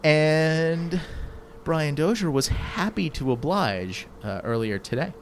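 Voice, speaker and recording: Man, podcast host, casual chat, lively pitch swings, exasperated, faint background hiss. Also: slow pace. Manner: animated, exasperated, rising to high pitch when incredulous.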